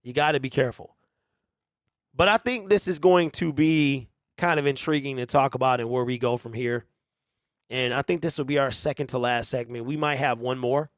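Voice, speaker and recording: A man's voice: medium pitch, moderate pace, no echo, clean studio sound. A man hosting a sports talk show, giving rambling, conversational commentary with emphatic opinions.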